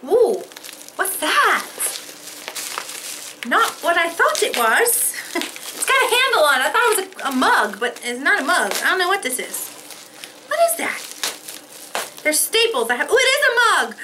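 A woman opening fan mail on her vlog, gasping and excitable, swearing freely in casual chat, overwhelmed with emotion. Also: high voice, normal speed, background noise.

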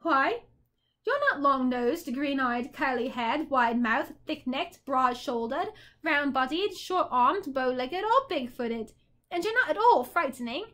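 A woman voicing a plucky young boy who speaks briskly and indignantly. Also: very high-pitched, very animated, pushed and bright, pitched above the performer's own voice, full character voice.

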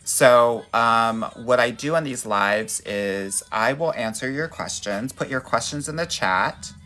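A sassy, playful man from Los Angeles hosts a casual live stream as a dating coach. He greets his viewers one by one and keeps calling them honey and girl. His voice sits at a middle pitch for a man. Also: a little slow, bright, forceful tone. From Los Angeles, USA. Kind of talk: casual live-stream chat reading out comments.

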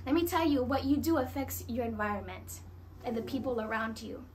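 A woman preaching a sermon, animated and acting out quoted voices as she addresses the congregation. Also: a little high, fairly quick, slight background noise.

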